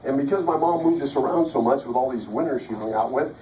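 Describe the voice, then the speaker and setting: A fast-talking motivational speaker with a mellow, medium-pitched voice tells an audience his life story, emphatically repeating key lines. Recorded from afar in an echoey large event hall, the audio has slight background noise.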